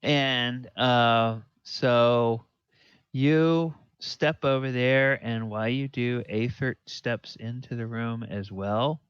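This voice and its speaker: A man narrating as game master of a tabletop game, unhurried, with fillers and pointing at the map. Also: medium pitch, smooth, no echo, highs cut off.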